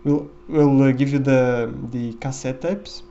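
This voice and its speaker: A man's voice: mid-range voice, fairly even intonation, measured pace, dark tone. Man, casual game commentary, rambling, lots of fillers, muffled lo-fi mic. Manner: rambling, with many fillers and restarts. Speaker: gameplay commentator.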